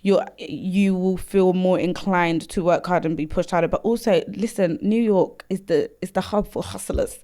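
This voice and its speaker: A woman's voice: fairly low pitch, steady tone, moderate pace, hardly any pauses, dark tone. A young woman, co-hosting a podcast and chatting in a thoughtful, rambling way with easy laughs. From London. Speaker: podcast co-host. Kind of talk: casual chat.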